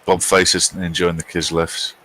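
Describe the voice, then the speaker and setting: A man's voice: low-pitched, level tone, moderate pace, pushed and bright, a little hiss or hum, rough recording. A middle-aged British man commentating on a live game stream and reading out viewer chat in a chatty, wry, self-mocking way. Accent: British English.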